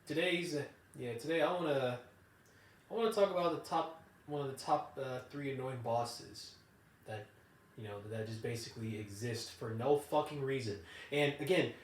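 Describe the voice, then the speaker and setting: In a loose, rambling, profane rant to camera, a young male vlogger just talks casually. He speaks at a medium pitch and moderate pace, sitting far from the mic in a roomy space.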